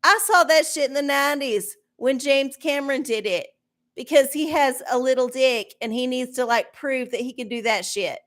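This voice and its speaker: A woman's voice: sits high, moderate pace, fairly bright tone. Brash, foul-mouthed middle-aged woman. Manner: blunt, sarcastic, swears freely. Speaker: livestream host. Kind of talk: profane ranting chat.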